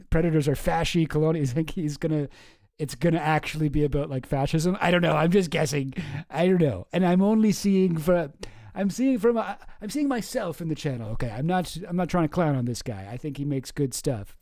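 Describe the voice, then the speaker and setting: A man's voice: a little high, dark tone, no room sound, studio quality. A man hosting a casual stream, rambling and jokey, often stopping himself mid-sentence. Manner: rambling, self-interrupting, jokey. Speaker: streamer host. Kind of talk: casual chat.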